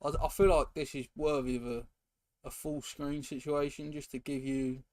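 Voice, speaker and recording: A man's voice: fairly high pitch, level tone, moderate pace, a little mellow. A young man streaming a football game, chatting casually and rambling as he reacts to viewers and play. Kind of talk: casual live-stream chat while gaming. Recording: noisy background hiss.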